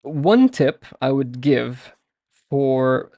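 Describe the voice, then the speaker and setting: A male language teacher with a gravelly, creaky voice, recorded dry and close. He explains patiently at a mid pitch and says sounds over and over to show them. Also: expressive, dark tone, no echo. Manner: patient, repeats words, demonstrates sounds slowly. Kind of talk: explanatory lesson.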